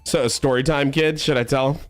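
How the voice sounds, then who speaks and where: A man's voice: medium pitch, steady tone, brisk, soft background music. A man in his thirties, a streamer, casually telling a long story in a rambling, profane way full of fillers. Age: 30s.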